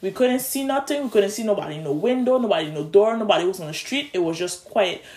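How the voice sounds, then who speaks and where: A young adult, telling a long story in a casual, animated way, with restarts and stumbles, recorded on a phone. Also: medium pitch, fast talker, echoey room. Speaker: vlogger.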